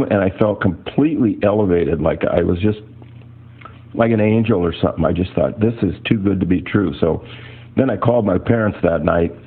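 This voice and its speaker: Older male artist, low husky storyteller, tinny narrow recording. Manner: rambling anecdotal storyteller. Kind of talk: personal storytelling talk. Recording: tinny phone-like audio.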